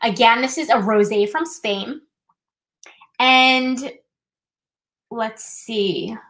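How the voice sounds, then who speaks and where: Bright chatty woman hosting a live stream. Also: on the high side, drawn-out words, low-quality recording. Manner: chatty, self-deprecating, explains step by step. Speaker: trivia night host. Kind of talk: casual live-stream demonstration.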